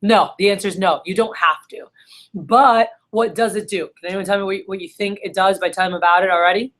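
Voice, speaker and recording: A woman coaching her sales team in a room, her voice sitting at an ordinary middle pitch. She talks in a casual, upbeat way, full of fillers and quick asides as she walks her trainees through the steps. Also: fairly even intonation, a bit bright.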